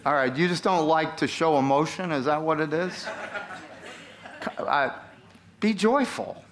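A man's voice: a little high, steady tone, normal speed, a bit bright. A man, a pastor, preaching a sermon in a conversational way and putting questions to his congregation.

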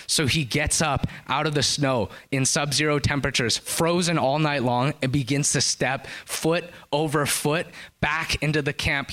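During his sermon, a man tells a story animatedly, his voice soaring into high, excited lines whenever it reaches a climax.

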